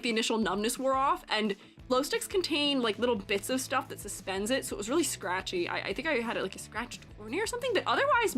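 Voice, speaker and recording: A young woman with a high, bright voice that leaps all over as she tells a rambling story on stream. She laughs often and throws herself into acting out the people in it. Faint music plays behind her.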